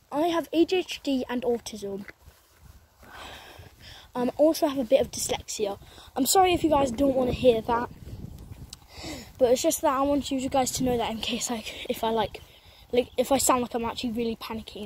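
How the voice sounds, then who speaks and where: A woman's voice: high voice, mellow, a little hiss or hum. A young woman vlogging while walking outdoors, talking into a handheld phone in a rambling, apologetic, chatty way. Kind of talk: casual walking vlog. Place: outdoors on a country road. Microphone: phone camera held while walking.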